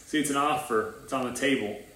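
Man, pastor, casual earnest sermon, mid-pitched voice, roomy echo. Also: fast, bright, forceful tone. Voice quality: earnest, informal preaching with restarts and asides. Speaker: pastor of a new church plant. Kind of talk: conversational livestream sermon.

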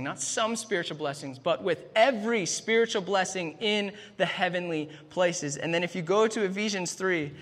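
A man's voice: sits high, normal speed, few pauses, fairly bright tone, long reverb tail. A man in his thirties preaching a sermon, emphatic, often starting lines with "man" and restarting phrases. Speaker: pastor.

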